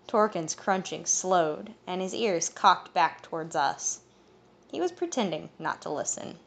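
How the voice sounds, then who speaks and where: A woman reading a fantasy audiobook in first-person narration, steady and even. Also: lowish voice, a little slow, creaky.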